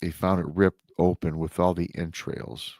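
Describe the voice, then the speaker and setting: Here a man hosting a storytelling podcast gives a dramatic retelling of a listener's email, punctuated by emotional asides. His low, darkish voice has a flat delivery and runs a little slow, recorded in clean studio sound with no room noise.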